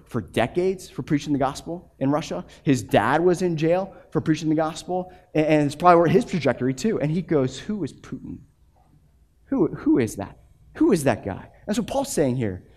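A man in his thirties preaching a sermon as a pastor, animated, often repeating words and acting out quotes. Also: on the high side, normal speed.

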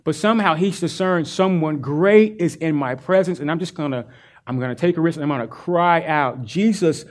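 A male pastor preaching a sermon, earnest and animated as he retells a Bible story. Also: on the high side, fairly quick.

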